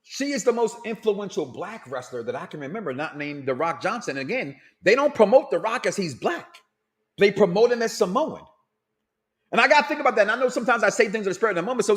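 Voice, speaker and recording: A middle-aged man hosting a casual talk show, loud and animated, reading out listener comments and laughing often. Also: high-pitched. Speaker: podcast host.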